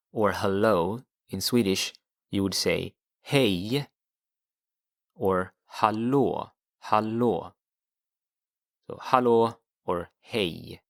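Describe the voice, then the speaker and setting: A male teacher talks learners through a video lesson at an unhurried, deliberate pace. His voice sits a little low, and he repeats each new word so it sinks in. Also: fairly bright tone. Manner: patient, repeats words for learners. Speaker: language teacher. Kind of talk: slow explanatory video lesson.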